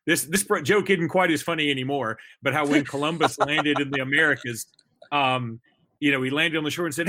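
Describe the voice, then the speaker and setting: Bright-voiced rambling man hosting a podcast. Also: fairly high pitch, a little fast. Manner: rambling, jokey, trails off into fillers. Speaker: podcast host. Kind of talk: casual sports podcast chat.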